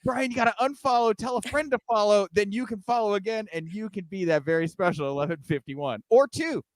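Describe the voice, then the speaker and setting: A man's voice: sits high, a little fast, no room sound. A man hosting a wrestling news podcast, chatting casually and giggling at his own rambling jokes. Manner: giggly, rambling, self-mocking. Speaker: podcast host.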